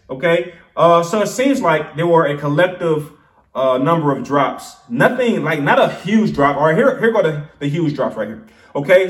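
Male stock vlogger, slightly high voice, chatty and self-correcting, recorded off-mic in an echoey room. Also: far from the mic. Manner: chatty, self-correcting, addresses viewers directly. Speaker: penny stock show host. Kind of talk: casual stock analysis talk. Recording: roomy sound from off-mic.

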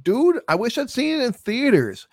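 A man's voice: very high voice, sing-song, moderate pace, darkish tone, dry recording, studio quality. A man co-hosting a podcast, chatting casually about movies in a rambling, profane way with frequent laughs. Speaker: podcast co-host.

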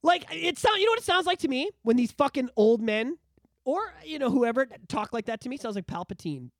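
A man, co-hosting a podcast in casual chat, ranting in a profane, animated way. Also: very high-pitched, fairly quick, dry recording, clean studio sound. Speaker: podcast co-host.

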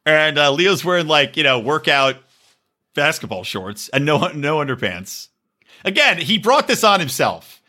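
A man's voice: on the high side, a little slow. A man co-hosting a podcast, telling a crude story in casual, profane chat and acting out the people he quotes. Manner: animated, acts out quotes with shifting voices; profane, laughs often. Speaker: podcast co-host.

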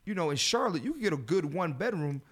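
Loud profane man ranting on a podcast. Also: a little high, very animated, fast, husky. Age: 30s. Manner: loud, profane, laughs a lot, preachy rants to "fellas". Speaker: podcast host. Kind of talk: casual chat.

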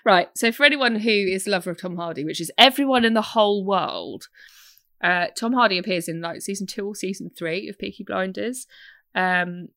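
A young woman co-hosting a casual podcast chat, animated and swearing freely. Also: medium pitch, normal speed, no room sound. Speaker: podcast co-host.

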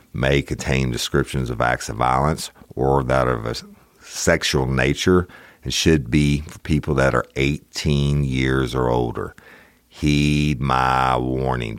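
A man hosting a true-crime podcast from a studio, talking in a folksy, plain-spoken way with drawn-out phrasing. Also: very deep voice, gravelly, dry recording. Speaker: podcast host.

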